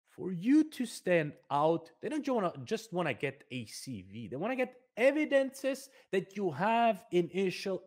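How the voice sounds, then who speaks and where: A man speaking for a nonprofit foundation in an emphatic promotional talk, repeating words for stress. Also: sits high.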